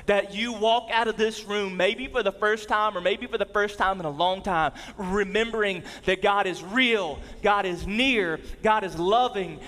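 A man in his thirties preaching a sermon as a pastor, telling a family story and moving between lively emphasis and soft, low tones. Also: long reverb tail.

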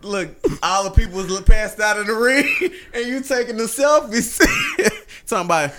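Lively man. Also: high voice, a little slow, slight background noise. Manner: reacts with short interjections and laughs. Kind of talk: casual chat.

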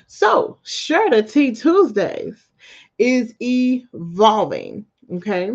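A woman hosting her podcast in a casual motivational chat, telling stories in an animated way and often laughing, her voice jumping high when she quotes herself. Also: takes it slowly, vocal fry, lo-fi sound. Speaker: podcast host.

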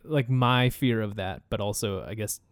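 A man's voice: on the low side, clear, resonant tone, dry recording. Laid-back guy chatting and nodding along, dry close mic. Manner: easygoing, quick backchannels. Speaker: podcast co-host. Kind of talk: casual chat.

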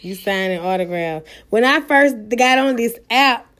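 High-voiced, blunt slangy woman host. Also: lively intonation, unhurried, a bit bright. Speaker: host of an app radio show. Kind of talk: casual live-audio chat.

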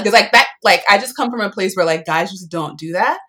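A woman's voice: medium pitch, animated, fairly quick, sharp tone. A woman in her twenties telling a personal story in casual chat, full of fillers and acted-out quotes. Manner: chatty, lots of "like", acts out quotes.

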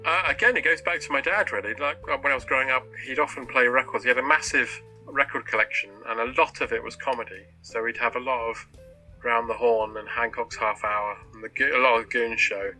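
A man's voice: medium pitch, steady tone, sharp tone, soft background music, poor audio. A man from Britain, a podcast guest talking casually with frequent restarts. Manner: chatty, stumbling restarts, quick laughs. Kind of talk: casual chat.

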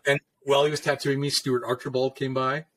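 A man's voice: medium pitch, level tone, a little fast, a bit bright. A veteran tattoo artist, a man, telling stories from his career in a rambling, profane, casual way. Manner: rambling, profane, filler-heavy. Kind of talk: casual storytelling.

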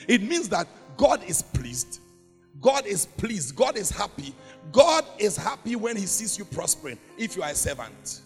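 A man's voice: sits high, sing-song, normal speed, soft background music. A man, a pastor, preaching a sermon in an emphatic, repetitive way that swells into chanted prayer. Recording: long hall reverb.

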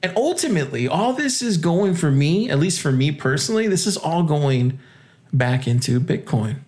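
A man hosting a casual crypto podcast, hyped and joking, laughing often and jumping into high exclamations. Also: sing-song, normal speed, a little mellow. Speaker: podcast host.

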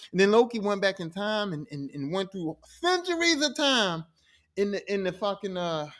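A man's voice: high voice, lively intonation, moderate pace, a bit bright. A man hosting a podcast, retelling a series plot as comedy in profane slang and acting out the characters. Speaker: podcast host. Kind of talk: comic plot recap.

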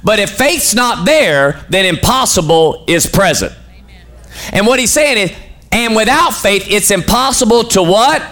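A man's voice: high-pitched, lively intonation, measured pace, fairly bright tone. A man preaching a sermon as pastor, putting questions to his congregation and waiting for them to answer.

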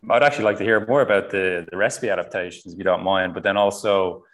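Deep-voiced man hosting a casual interview. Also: fast talker, low-quality recording. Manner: relaxed, rambling questions. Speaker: podcast host.

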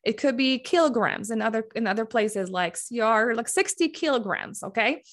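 A woman's voice: fairly high pitch, lively intonation, normal speed. A woman, likely in her thirties, giving an earnest motivational talk to other moms, often asking "right?" and filling with "like". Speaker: mom life coach.

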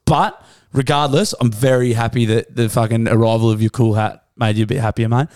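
An Australian man chats rowdily as a podcast co-host, swearing freely and laughing often. His voice sits in an ordinary middle pitch. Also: fairly even intonation, fairly quick, a little mellow. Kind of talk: casual chat.

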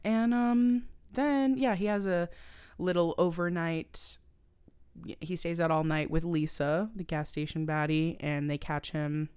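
A woman's voice: on the low side, measured pace, clear, resonant tone. A young woman co-hosting a podcast, recapping a film in casual chat with lots of swearing and quoted lines. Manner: profane, animated retelling with quoted voices. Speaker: podcast co-host.

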